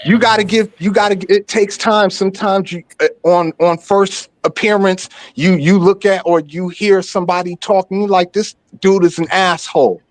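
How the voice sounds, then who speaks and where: New York man talking high and dry. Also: steady tone, normal speed, hardly any pauses, no room sound. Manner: laid-back, explaining, keeps asking if you understand. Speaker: panelist. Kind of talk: casual panel debate.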